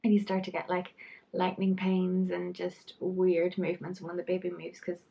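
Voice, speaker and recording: Chatty woman, gravelly edge. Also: fairly low pitch, monotone, moderate pace, warm tone, dull audio. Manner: chatty and frank, trailing off into asides. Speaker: pregnancy vlogger. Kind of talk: casual talk-to-camera advice.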